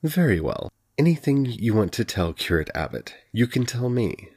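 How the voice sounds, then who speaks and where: A man voicing a posh, smirking, predatory male curate with a drawn-out polite tone. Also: medium pitch, very animated, a little mellow, husky, pitched above the performer's own voice.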